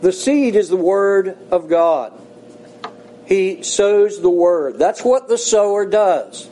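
Man, pastor, sermon, high voice, warm mellow tone, earnest and folksy. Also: rough recording. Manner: earnest, folksy, slows for emphasis.

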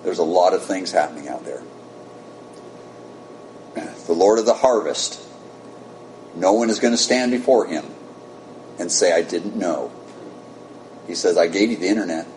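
An American man preaching, telling a story with animated rises and soft, low drops. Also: normal speed, long pauses. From United States. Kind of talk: sermon storytelling. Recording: echoey room with faint rumble.

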